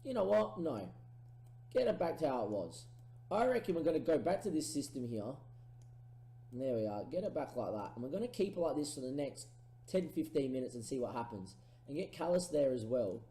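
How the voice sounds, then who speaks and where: A gaming streamer with a mid-range voice talks briskly as he casually commentates his own football management game, thinking through tactics out loud and erupting into excited goal calls. The recording is rough and reverberant.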